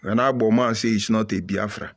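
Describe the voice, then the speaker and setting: A man's voice: fairly low pitch, fairly even intonation, brisk. Emphatic Nigerian man lecturing. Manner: emphatic, repetitive, preachy. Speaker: commentator. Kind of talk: impassioned monologue.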